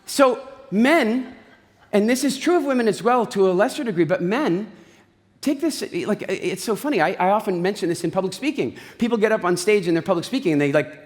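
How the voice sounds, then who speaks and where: A man giving an animated, jokey talk on stage, telling stories with voiced asides. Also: high voice. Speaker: speaker. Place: large event hall. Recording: reverberant hall.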